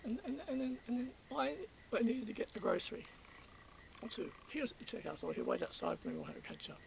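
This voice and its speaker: A man's voice: very high voice, wildly swooping pitch, quick pace, vocal fry, muffled recording, a little hiss or hum. A man with an Australian accent rambling through an everyday story in a casual monologue, repeating and restarting, getting indignant. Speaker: channel host.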